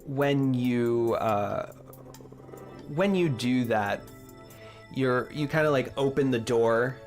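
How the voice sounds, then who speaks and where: A man narrating a tabletop game as game master in a relaxed, laid-back way, with plenty of fillers. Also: mid-range voice, slow pace, faint music behind.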